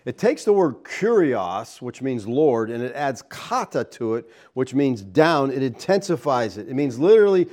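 A man's voice: sing-song, normal speed, hardly any pauses, a little mellow. A middle-aged man preaching a sermon as pastor, talking casually to the congregation and often asking "okay?" and "all right?". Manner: acts out quoted people in a higher voice.

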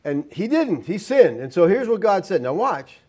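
A man's voice: high-pitched, sing-song, moderate pace, warm tone, slightly rough. A man preaching a sermon, emphatic, with many rhetorical questions and scripture read aloud. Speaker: pastor.

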